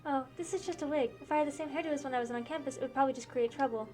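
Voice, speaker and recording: A woman reading aloud and voicing a gentle young princess who speaks softly and formally. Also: sits high, very fast, faint music behind, lightly acted. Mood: earnest. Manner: soft-spoken, formal.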